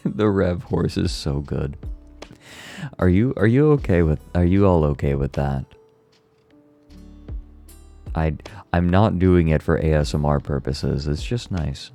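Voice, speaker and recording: A man casually chatting with viewers on a livestream, laid-back, a little hoarse, swearing now and then. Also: extremely low pitch, a little slow, faint music behind. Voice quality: slightly hoarse relaxed voice.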